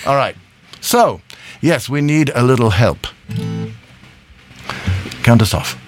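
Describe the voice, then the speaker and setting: A man's voice: medium pitch, expressive, takes it slowly, soft background music. A man from Scotland hosting a live radio show from a studio, rambling in a casual, self-amused way and chuckling often.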